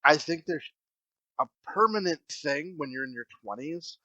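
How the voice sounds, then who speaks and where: A young man co-hosting a podcast, telling crude stories loudly and laughing often. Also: a little high, normal speed, no room sound, lo-fi sound. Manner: loud, animated storytelling with frequent laughter. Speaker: podcast co-host. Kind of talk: crude casual podcast banter.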